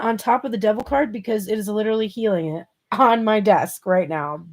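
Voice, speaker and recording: A woman giving a channeled tarot reading, talking casually and thinking aloud, with excitable bursts of emphasis. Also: medium pitch, brisk, hardly any pauses. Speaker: tarot reader.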